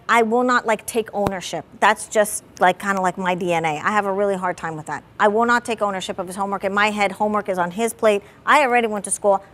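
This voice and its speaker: A woman family therapist talking candidly about parenting, animated and full of "like", acting out her own past anger. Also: medium pitch.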